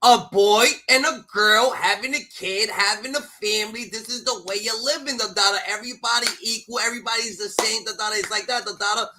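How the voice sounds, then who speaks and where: A young man on a live stream, ranting heatedly with lots of swearing and a constantly repeated catchphrase, at times shouting. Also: high-pitched, fairly even intonation, a little fast, hardly any pauses. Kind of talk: heated livestream rant.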